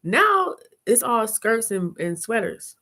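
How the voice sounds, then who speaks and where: A woman hosting a live chat, telling stories casually, swearing, and playing out conversations in quick voices. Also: on the high side. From lived in New Orleans. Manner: chatty, animated, swearing, retells talks in quick voices. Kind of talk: casual live-stream storytelling.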